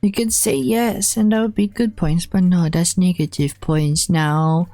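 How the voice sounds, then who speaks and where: A woman's voice: on the low side, unhurried, mellow, no echo, soft background music. A young woman streamer chatting casually on a live stream, blunt and teasing, swearing often.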